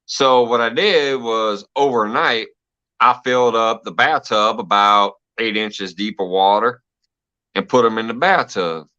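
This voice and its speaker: A man's voice: fairly low pitch, a little slow, sharp tone, smooth. A man hosting a casual live stream, telling stories with lots of laughter and swearing. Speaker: host. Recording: dull lo-fi stream audio.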